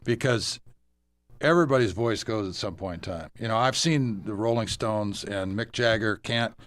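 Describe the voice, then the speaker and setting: A man who is a former baseball player, talking as a radio guest in a halting way with many restarts. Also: lowish voice, a bit bright. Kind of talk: radio interview chat.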